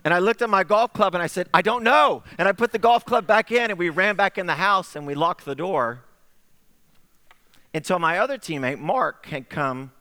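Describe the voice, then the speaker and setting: A middle-aged man preaching a sermon, telling a story in an animated way and acting out the voices he quotes. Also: sits high, moderate pace. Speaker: pastor. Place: church sanctuary. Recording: echoey sanctuary with long reverb.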